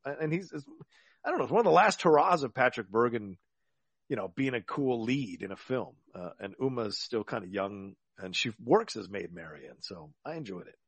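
A man's voice: mid-range voice, normal speed, breathy edge, no room sound. A man co-hosting a podcast, chatting casually about movies and telling stories in a rambling, profane way. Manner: animated, profane, rambling storyteller. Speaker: podcast co-host.

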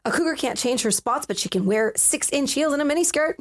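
A woman doing a pushy fast talker. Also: high-pitched, expressive. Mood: assertive. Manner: rapid, assertive.

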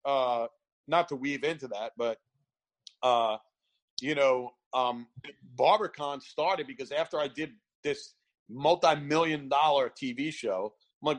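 A man's voice: medium pitch, measured pace. A man telling stories in a casual chat, laughing often and acting out quotes. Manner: animated storyteller, laughs often, acts out quotes. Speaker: guest, barber event founder.

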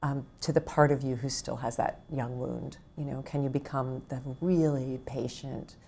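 Middle-aged woman author, deep voice, earnest, tender, conversational. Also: steady tone, normal speed, gravelly. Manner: earnest, warm, gently intimate. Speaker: author guest. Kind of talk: casual conversation.

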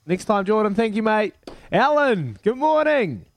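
A man's voice: high-pitched, very animated, a little slow, dry recording. A man with a New Zealand accent hosting a breakfast radio quiz, in jokey, matey banter. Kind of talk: casual breakfast radio chat.

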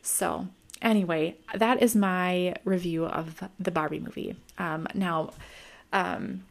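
A young woman talks to camera about a film she has seen, in a casual and reflective way, often pausing on "um" and "like" as she gathers her thoughts. Her voice sits a little low, with a gravelly fry running through it. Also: lively intonation. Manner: thoughtful, musing, many ums and likes. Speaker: mom vlogger reviewing a film.

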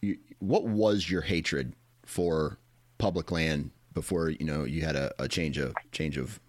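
A man hosting a casual interview, talking in a relaxed way and summing up what his guest said. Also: rumbling low, measured pace, no echo. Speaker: podcast host.

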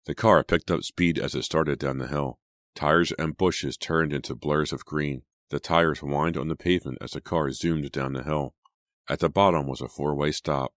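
Very deep-voiced male audiobook narrator. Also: fairly even intonation, normal speed, a bit bright, no echo, clean studio sound. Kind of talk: scripted narration.

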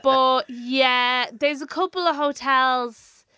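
Woman musician, bright and smooth, dry close sound, playful casual chat. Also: sits high, fairly even intonation, slow pace, dry recording. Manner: chatty, playful, exaggerating for laughs. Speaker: touring musician guest.

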